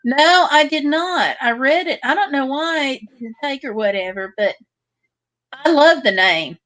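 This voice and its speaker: Woman host, slightly high voice, easygoing livestream chat, reads out comments and answers them. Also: animated, measured pace, fairly bright tone. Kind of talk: casual livestream chat reading viewer comments.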